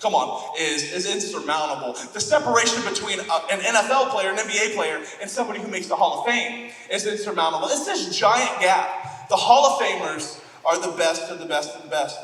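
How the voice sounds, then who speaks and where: A man's voice: high-pitched, lively intonation, fairly quick, fairly bright tone, echoey room, long reverb tail, far from the mic, low-quality recording. A man from Florida preaching a sermon as pastor, joking and self-deprecating as he tells stories. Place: church auditorium.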